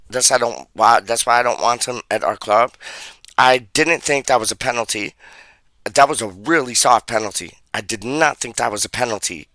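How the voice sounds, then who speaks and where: A man's voice: mid-range voice, pushed and bright, no room sound. A man chatting casually about football on a livestream, slangy and rambling, repeating himself and calling people "dog". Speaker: livestream host reading chat.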